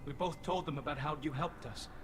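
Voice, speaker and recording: Jittery young alien guy in a game, an actor voicing him, stammers a bit, higher voice. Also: a little fast, noisy background, lightly acted. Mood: nervous. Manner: hesitant, stumbling. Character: nervous, grateful young alien man.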